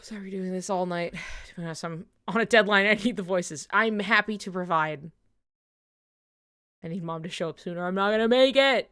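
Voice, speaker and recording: Woman streamer, casual watch-along chat, mid-pitched, rambly, laughs a lot, swears freely. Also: moderate pace, a bit bright, smooth. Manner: rambling, filler-heavy, swears, laughs often.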